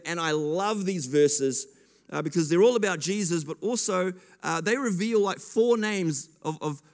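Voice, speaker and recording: A man preaching a sermon in a casual, chatty way, often breaking off and restarting his sentences. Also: a little high. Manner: chatty, self-interrupting storyteller. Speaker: pastor. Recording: long hall reverb.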